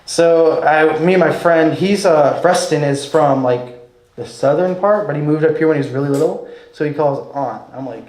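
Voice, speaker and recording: A man from Kansas with a Kansas accent performing at an open mic. His voice sits a bit high and wanders along with halting fillers and self-deprecating asides. The room gives the sound a roomy echo. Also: a little mellow. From Kansas, United States. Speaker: stand-up comic.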